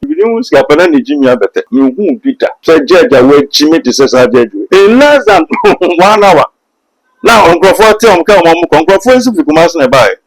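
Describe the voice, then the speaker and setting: A man, a prophet speaking as a guest on a talk show, excitable and laughing easily like a preacher. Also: on the high side, a little fast, low-quality recording.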